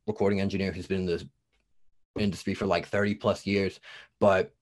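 A young man with a New Jersey accent, touched by a little Southern drawl, talks in a fairly low voice. He rambles as a podcast guest, stacking "like" and "you know" as he goes. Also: little pitch movement, fairly quick. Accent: New Jersey, with some Southern US. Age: 20s. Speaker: guest producer and TikTok creator. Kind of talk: casual podcast interview.

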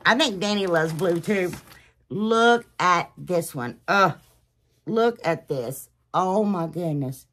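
Talking to viewers of her DIY channel, this woman rambles and gushes emotionally in a casual way, at times sinking to a soft whisper. Her pitch is fairly low.

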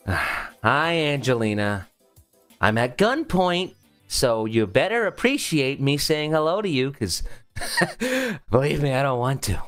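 A man's voice: medium pitch, lively intonation, slow, pauses often, dry recording, faint music behind. A man doing a sarcastic, drawling cartoon rabbit. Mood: begrudging. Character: sardonic, smug male cartoon rabbit.

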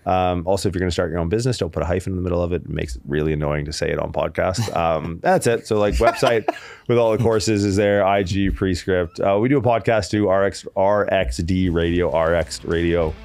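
A man's voice: sits low, quick pace, gravelly, a little mellow, dry recording. A man, a podcast guest, telling stories in a loose, rambling way, full of fillers and swearing. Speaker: podcast guest, strength coach. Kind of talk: casual storytelling chat.

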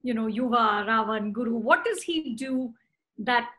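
A woman interviewer asking measured, thoughtful questions. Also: fairly high pitch, bright, forceful tone. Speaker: interviewer, film critic.

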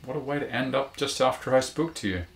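A man reading a short story aloud voices a cheeky, flirtatious adult woman who talks in a teasing, brisk way. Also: mid-range voice, creaky, reverberant, pitched above the performer's own voice, close to an everyday voice. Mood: concerned.

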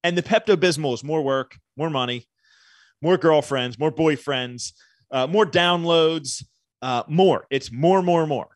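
A man's voice: a little high, a little slow, no room sound. A man guesting on a podcast, explaining ideas thoughtfully with everyday analogies. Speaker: podcast guest, business owner. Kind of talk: reflective conversational interview.

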